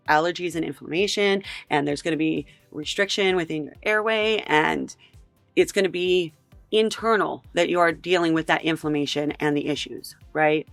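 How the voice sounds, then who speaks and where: A woman's voice: low-pitched, no echo. A woman hosting a reaction video, talking in an exasperated, incredulous and emphatic way. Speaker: commentary host. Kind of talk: reaction commentary.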